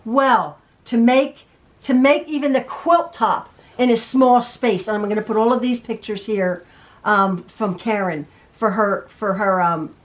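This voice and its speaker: A chatty middle-aged woman teaching quilting from her home sewing room, her voice sitting fairly high. She rambles warmly through viewer emails, restarting her sentences often. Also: measured pace. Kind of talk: casual chat reading viewer emails.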